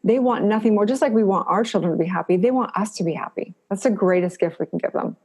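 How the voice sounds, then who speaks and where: A woman's voice: medium pitch, fast talker, darkish tone, husky. A middle-aged woman guest in an interview, talking earnestly and encouragingly, often repeating phrases for emphasis. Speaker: podcast guest. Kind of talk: reflective interview answers.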